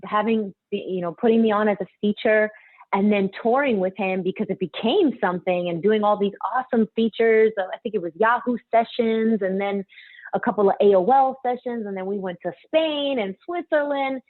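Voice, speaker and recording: A young woman singer telling stories in a casual interview, animated and quick to act out what others said. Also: mid-range voice, no echo. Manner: animated, acts out quotes, laughs often. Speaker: singer and guest. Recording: tinny phone-line sound.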